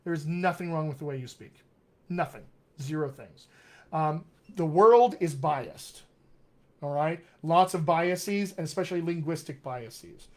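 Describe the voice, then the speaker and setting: A man with a loud, booming voice and a General American accent with West Texas and upstate New York touches, a dialect coach reading viewer comments and answering them on a live stream. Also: measured pace. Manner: articulate, reads viewer comments aloud and answers warmly. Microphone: webcam or computer mic on a live stream.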